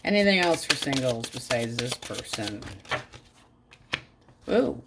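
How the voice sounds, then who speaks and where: A woman's voice: very deep voice, big pitch swings, takes it slowly, very noisy. A woman giving a casual tarot reading, talking bluntly and crudely in a frank, offhand way. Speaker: tarot reader.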